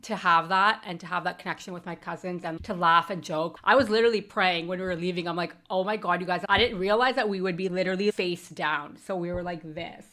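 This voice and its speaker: A woman podcast host telling a personal story in a candid, emotional monologue, swearing freely and moving between quiet, heavy moments and bright ones. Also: on the low side.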